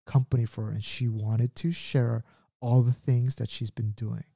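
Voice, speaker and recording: A man in his thirties hosting a podcast and telling a story in an animated, casual way, laughing at himself. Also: mid-range voice, moderate pace, gravelly, no echo, clean studio sound. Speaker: podcast host.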